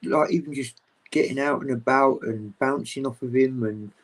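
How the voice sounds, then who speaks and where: Rambling, animated man on a video call. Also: mid-range voice, moderate pace, low-quality recording. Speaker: guest on a livestream. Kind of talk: casual chat.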